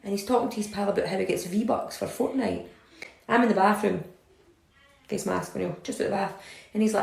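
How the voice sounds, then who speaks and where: A woman's voice: medium pitch, fairly quick, gravelly. A woman, a mother, telling a gossipy, sweary story from the bathroom. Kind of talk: casual storytelling to camera. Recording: echoey bathroom.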